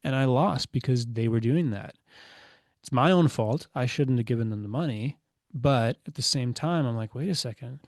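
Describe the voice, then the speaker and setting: A man's voice: mid-range voice, moderate pace, a little mellow, dry recording, clean studio sound. A man in his thirties, a podcast guest telling stories casually, full of fillers and acting out quoted dialogue. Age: 30s. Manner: chatty, many fillers, acts out quoted dialogue. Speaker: podcast guest, business owner. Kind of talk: casual storytelling interview.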